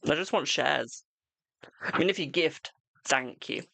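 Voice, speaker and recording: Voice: medium pitch, measured pace, creaky, pushed and bright. A tarot reader chatting on a live stream at home, reading cards for viewers and calling them "my darling" between frequent laughs. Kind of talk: casual live-stream chat and card reading.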